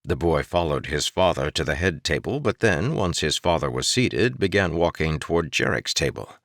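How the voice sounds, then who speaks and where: Low-voiced male audiobook narrator. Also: sing-song, normal speed, a bit bright, dry recording, studio quality. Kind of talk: scripted narration.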